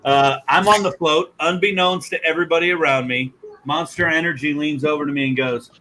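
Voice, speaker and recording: A man hosting a casual podcast, telling stories and teasing his guests loudly. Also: on the high side, a little fast, background noise. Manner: loud, joking storyteller who teases guests. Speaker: podcast host.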